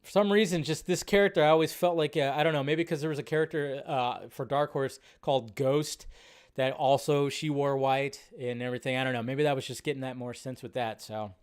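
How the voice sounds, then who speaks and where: A man hosting a casual film-commentary livestream, animated and reacting loudly, with some swearing. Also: medium pitch, brisk, clear, resonant tone. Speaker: livestream host.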